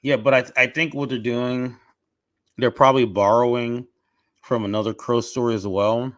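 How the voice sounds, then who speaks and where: A man's voice: medium pitch, steady tone, moderate pace, a bit bright, no echo. A man chatting casually on a podcast, opinionated and restarting often, with a cough drop in his mouth. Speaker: podcast guest. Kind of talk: casual chat.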